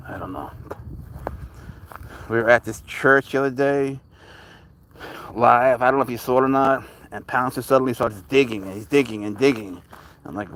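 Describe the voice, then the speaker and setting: A man's voice: medium pitch, normal speed, a little hiss or hum. A man chatting casually on a live stream while walking his leashed cat outdoors, rambling and talking to both his viewers and the cat. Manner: relaxed, rambling, talks to his cat and chat. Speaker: cat channel livestreamer.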